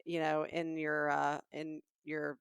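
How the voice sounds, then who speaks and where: Picture a woman in her fifties with a Southern American accent, chatting on a comedy podcast in a playful, teasing way. Her voice sits a little low, and the recording is close and dry with no room sound. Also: completely flat delivery, slow, gravelly, smooth, no echo. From Alabama, USA. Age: 50s. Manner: playful, teasing, breaks into laughter. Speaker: podcast co-host. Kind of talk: casual comedic chat.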